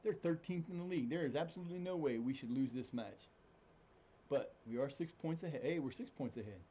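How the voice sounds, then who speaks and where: A man rambling through a live-stream session at home, his voice mellow and unhurried. He gets animated and now and then jumps into a high mock voice. The audio is a little dull and muffled, with a faint hiss behind it. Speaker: streamer playing a football management game. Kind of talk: casual live-stream chat. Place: home room with cats.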